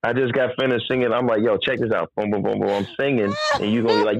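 A singer from Virginia telling stories on a podcast. He does the voices of the people in them and keeps breaking into high, disbelieving outbursts. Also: fast talker, gravelly, hardly any pauses, muffled recording, noisy background. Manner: animated, mimics people, jumps into incredulous high-pitched outbursts. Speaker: singer and recording artist. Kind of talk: casual podcast storytelling.

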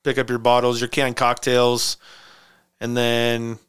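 Bright-voiced man telling a story. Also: medium pitch, a little slow, clear, resonant tone. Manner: storytelling, animated, laughs often. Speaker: podcast host. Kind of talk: casual chat.

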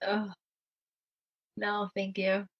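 A woman's voice: mid-range voice, monotone, extremely slow, breathy edge, muffled recording. A woman co-hosting a podcast, reacting with short quips and wry asides in a casual chat. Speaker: podcast co-host.

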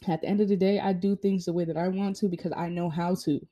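A woman's voice: on the low side, fairly even intonation, fast talker, warm tone. A young woman giving a blunt, profane motivational monologue, hammering home her points with rhetorical questions. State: hiccuping. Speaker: vlogger.

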